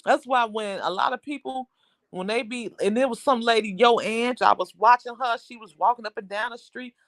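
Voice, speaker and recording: A woman's voice: on the high side, normal speed, no room sound, clean studio sound. A woman hosting a casual livestream, chatting with viewers in a rambling, talkative way. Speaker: livestream host.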